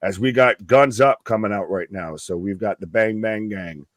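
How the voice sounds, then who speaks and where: A man's voice: on the low side, normal speed, dry recording. A man co-hosting a live wrestling watch-along stream, calling matches bluntly and swearing casually.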